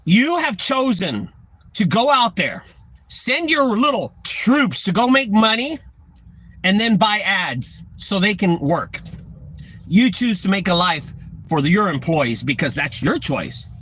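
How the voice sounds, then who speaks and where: High, bright-voiced ranting Texan man. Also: sing-song, takes it slowly, breathy edge. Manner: profane, blunt, lecturing. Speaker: junk removal business owner. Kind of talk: ranting talk to camera.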